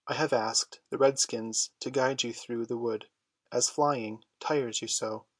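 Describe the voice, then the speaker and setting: A man plays a boy leader giving orders, short and sharp, expecting to be obeyed. The voice is husky and recorded close and dry. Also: medium pitch, fairly even intonation, unhurried, no room sound. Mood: stern. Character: commanding boy leader, stern.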